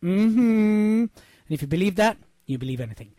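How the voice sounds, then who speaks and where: Brief: high-pitched male radio host, punchy motivational delivery, very dry close studio sound. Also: expressive, normal speed, warm tone, dry recording. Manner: emphatic, repeats points, asks "yes?". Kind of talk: upbeat motivational radio talk. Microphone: studio microphone.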